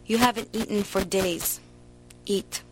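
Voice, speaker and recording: A woman reading the lines of a gentle, caring young man who speaks softly and tenderly. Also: medium pitch, fairly even intonation, unhurried, slight background noise, lightly acted, low-quality recording. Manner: soft, hushed delivery.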